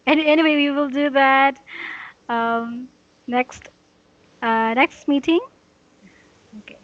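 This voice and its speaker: A woman teaching English pronunciation, explaining slowly and repeating her instructions patiently. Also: high voice, dry recording, lo-fi sound. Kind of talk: giving a pronunciation lesson.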